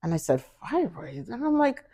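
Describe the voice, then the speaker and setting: A woman telling her own story as a guest in a conversation, animated and acting out the people she quotes. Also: mid-range voice, moderate pace. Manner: animated, acts out quoted voices, laughs often. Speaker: interview guest.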